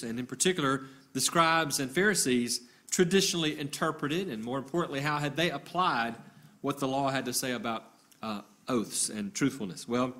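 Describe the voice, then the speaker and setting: Higher-voiced man preaching a sermon. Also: a bit bright. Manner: measured teaching with scripture readings; occasional hesitant restarts.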